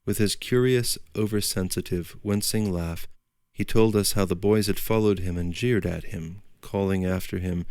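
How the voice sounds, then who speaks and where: A man narrating a literary audiobook in a measured storytelling manner. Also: deep voice, steady tone, darkish tone, no echo, studio quality.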